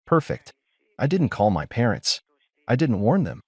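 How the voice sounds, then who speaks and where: A man narrating a dramatic first-person story in a cool, measured, dryly triumphant way. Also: medium pitch, big pitch swings, breathy edge, no room sound, studio quality.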